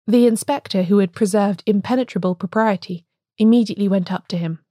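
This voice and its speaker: A woman narrating a story in a steady, even reading style. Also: mid-range voice, brisk, no echo, studio quality. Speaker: audiobook narrator. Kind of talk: scripted narration.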